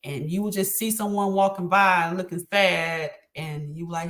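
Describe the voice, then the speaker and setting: A woman's voice: lowish voice, fairly even intonation, moderate pace, hardly any pauses, a bit bright, a little hiss or hum. A middle-aged woman speaking as a podcast guest, talking earnestly about faith and encouragement with frequent ums. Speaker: podcast guest, host's mother. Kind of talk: casual chat.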